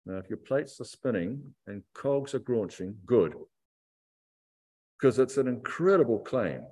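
A man preaching a sermon to a church congregation, reflective and emphatic, stretching key phrases out slowly. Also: mid-range voice, sing-song, warm tone, husky. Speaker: pastor.

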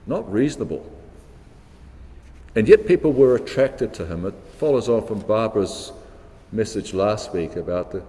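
A man's voice: on the low side, animated, normal speed, warm tone, in a large hall. A man, preaching a sermon in a reflective, questioning way, repeating words for emphasis. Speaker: pastor.

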